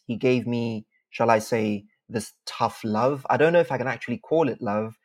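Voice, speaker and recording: A Zimbabwean man who has won a speech contest answers interview questions in a measured, articulate manner, using formal phrasing. His voice sits at a medium pitch.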